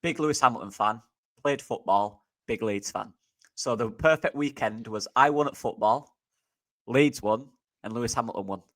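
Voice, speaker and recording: A man's voice: mid-range voice, moderate pace, a bit bright. A man who coaches football, chatting on a podcast in an upbeat, friendly way and calling his co-host mate. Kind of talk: casual football podcast chat.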